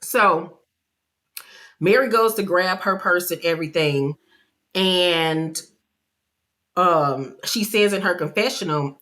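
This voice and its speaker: A woman giving a casual, animated, gossipy episode recap. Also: on the low side, slow pace, long pauses. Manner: animated, gossipy storytelling, acts out quotes. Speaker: vlogger.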